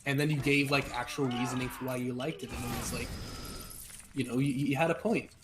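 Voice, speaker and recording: A young man chatting casually on a gaming stream, rambling and poking fun at himself with halting restarts. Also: mid-range voice, steady tone, noisy background. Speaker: stream co-host. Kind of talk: casual chat. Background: music.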